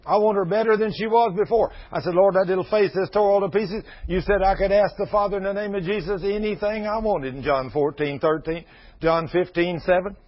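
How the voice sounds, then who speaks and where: Older preacher, husky high voice, folksy storyteller, dull lo-fi radio sound. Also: male voice, brisk. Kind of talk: sermon.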